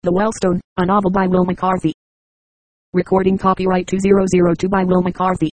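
Flat synthetic text-to-speech reader. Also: medium pitch, a little fast, dry recording, rough recording. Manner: even, mechanical delivery. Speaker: audiobook reader. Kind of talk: scripted narration.

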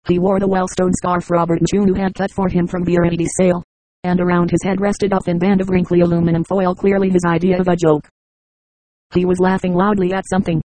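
An audiobook narrator reading a science-fiction novel in an even, steady manner. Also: mid-range voice, no room sound, rough recording.

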